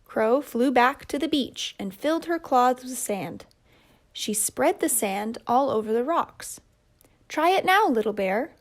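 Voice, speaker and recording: A woman telling a children's puppet story in a gentle, measured way. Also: on the high side.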